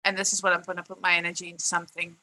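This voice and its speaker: Bright-voiced woman ranting on stream. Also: lowish voice, level tone, rapid-fire, poor audio. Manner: frustrated, emphatic, swears, repeats herself. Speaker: live streamer. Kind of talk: live-stream rant.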